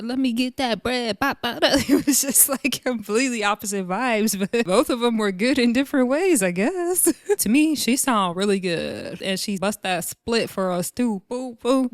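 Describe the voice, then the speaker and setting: A woman's voice: medium pitch, no room sound, clean studio sound. A woman giving casual reaction commentary on a reality show, chatty and gossipy, laughing often and mimicking the cast.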